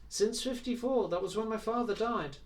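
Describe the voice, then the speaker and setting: A haughty, petulant teenage prince, as a male reader puts him on, pitched higher than the reader's own voice. He talks imperiously and flares up when crossed. The voice sits a little back from the mic. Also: moderate pace, distant mic, close to an everyday voice. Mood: proud. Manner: imperious, sulky, flares up indignantly.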